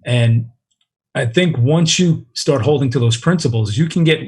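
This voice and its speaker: A man's voice: medium pitch, normal speed, darkish tone, husky. A man, a father of several children, talking earnestly as a guest in an interview. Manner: earnest, with frequent restarts. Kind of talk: reflective interview talk.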